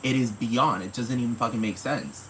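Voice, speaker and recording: A man hosts a solo podcast at a moderate pace, his mid-range voice fairly bright as he rambles casually and profanely. Again and again he asks if the listener knows what he's talking about, over a rough recording with slight background noise.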